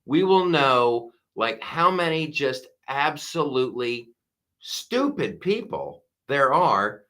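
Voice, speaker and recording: Animated, bright-voiced man hosting a live stream. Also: mid-range voice, takes it slowly. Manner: animated, laughs often, mocking voices for quotes. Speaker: podcast host. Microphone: wearing a strapped headset or mic.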